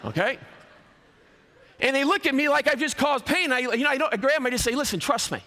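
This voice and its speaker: A man's voice: extremely high pitch, brisk, pushed and bright. A man in his fifties preaching an emphatic chapel sermon, swinging his voice up and down for effect. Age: 50s. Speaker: college athletic director and speaker. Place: large college chapel. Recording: long hall reverb.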